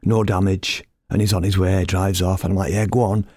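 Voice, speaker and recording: A middle-aged man telling a story in a lively, blunt, self-mocking way, as a radio presenter. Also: low voice, a little fast, no room sound, clean studio sound. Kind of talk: casual anecdotal storytelling.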